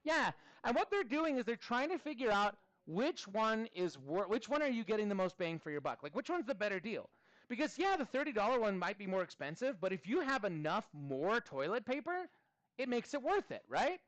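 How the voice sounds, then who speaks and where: A man in his thirties leads a classroom math lesson, his pitch riding high and swinging widely as he jokes with students. The sound is dry and close, with little room echo. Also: a little fast. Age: 30s. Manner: animated, playful, chatty with students. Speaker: math teacher.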